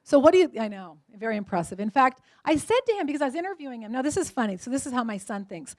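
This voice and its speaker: A woman in her forties giving a keynote talk at a luncheon, telling lively stories and acting out the voices of the people in them. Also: sits high, racing, dry recording. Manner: lively storytelling, acts out quoted voices. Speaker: motivational speaker.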